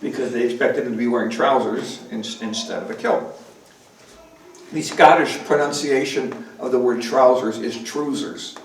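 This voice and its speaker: Between songs at an indoor library concert, a male folk musician jokes and chats with the audience, teasing the crowd in stage banter. His mid-range voice keeps a fairly even intonation at a moderate pace. The distant mic picks up a roomy hall, guitar playing, and slight background noise.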